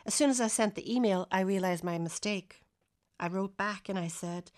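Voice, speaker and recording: Woman, Donegal Irish accent, mid-pitched voice, reflective radio essay. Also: moderate pace. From Donegal, Ireland, via Ohio. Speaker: essayist reading a radio piece. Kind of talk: scripted first-person radio essay.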